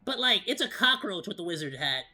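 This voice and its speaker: Man in a bright, high put-on monkey voice. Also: big pitch swings, brisk, faint music behind. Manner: rambling, lots of fillers and restarts. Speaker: VTuber streamer. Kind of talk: casual reaction stream.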